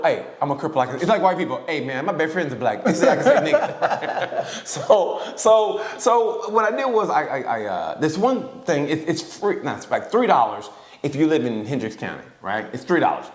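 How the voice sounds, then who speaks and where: A man telling a long story on a casual podcast, his voice a bit high and swinging widely in pitch. He swears freely and laughs through his own tale. The room has noticeable echo. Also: normal speed. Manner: profane, laughing, animated storyteller. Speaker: podcast co-host. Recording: roomy echo.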